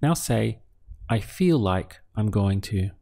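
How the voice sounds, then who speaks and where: A man with a fairly low voice leads a calm, unhurried lesson. He talks very slowly and breaks words into syllables. Each question is followed by a pause. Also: creaky. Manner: patient, asks questions then pauses for answers. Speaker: Spanish teacher. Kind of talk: slow step-by-step language lesson.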